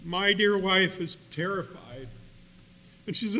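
A man telling a story in a sermon, swinging between loud emphatic bursts and quiet asides. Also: high-pitched, animated, takes it slowly, pauses often. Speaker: preacher. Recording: long hall reverb with faint hum.

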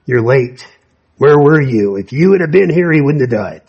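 A man voicing a grieving woman who reproaches her Lord, in a raised, pleading pitch during a sermon. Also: lively intonation, moderate pace, slightly rough, dull audio. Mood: reproachful.

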